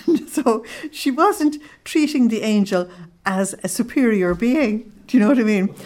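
A woman's voice: medium pitch, darkish tone. A middle-aged woman giving an informal religious talk to a group, reading quotes aloud with feeling and laughing often. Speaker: speaker on Christian mysticism.

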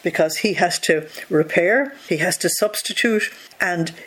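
A devotional teacher reading a spiritual text line by line and then explaining it at length. The voice sits in a middle pitch. The delivery is measured and earnest, with frequent rhetorical asides. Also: a bit bright, breathy edge.

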